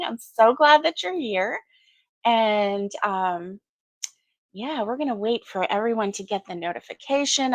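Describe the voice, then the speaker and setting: A woman's voice: medium pitch, no room sound, lo-fi sound. Sleepy, chatty woman hosting a livestream. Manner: sleepy, chatty, yawning often. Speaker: crochet channel host. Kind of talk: casual morning livestream chat.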